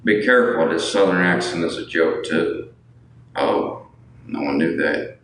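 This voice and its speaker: A raspy-voiced man in his thirties chatting casually on a livestream, reading viewer comments aloud and answering with boastful jokes. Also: low voice, unhurried, a bit bright. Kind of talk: casual live chat. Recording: echoey room, mic at a distance, faint noise.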